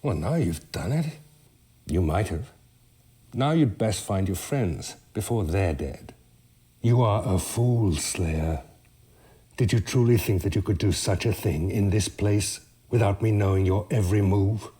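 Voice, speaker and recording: An actor playing a scheming male sorcerer villain in a video game, slow and gloating, sometimes dropping to a whisper. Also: fairly low pitch, mellow, husky.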